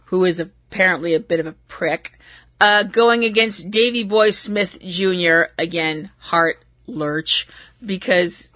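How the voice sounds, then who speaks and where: A woman from Massachusetts hosts a laid-back wrestling recap, her voice bright and clear. She wanders onto tangents, giggles at her own jokes and keeps apologizing. It sounds dry and close to the mic. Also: on the low side, takes it slowly, dry recording. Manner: rambling and self-deprecating, laughs at herself. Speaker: podcast host.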